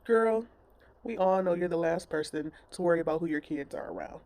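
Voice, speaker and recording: A woman's voice: on the low side, a little fast, darkish tone, dry recording. Woman commentator, blunt scolding rant, profane, dry close sound. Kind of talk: ranting reaction commentary.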